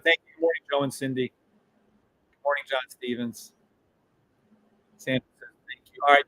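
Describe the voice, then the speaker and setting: A middle-aged man streaming live trades, hyped up, yelling and swearing, repeating hype phrases over and over. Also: mid-range voice, no echo, rough recording. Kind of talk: live-stream trading commentary.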